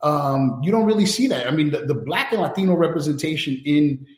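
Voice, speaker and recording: A man with a fairly high voice speaks openly and with energy, restarting his sentences and tagging them with quick asides. The sound carries a noticeable room echo. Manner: candid, animated, many restarts and "right?" tags. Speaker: guest, enterprise technology strategist. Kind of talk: casual conversational interview.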